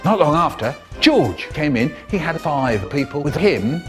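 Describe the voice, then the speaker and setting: A man narrating a spliced comedic story as an animated storyteller, his voice jumping high and low. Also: measured pace. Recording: music bed underneath.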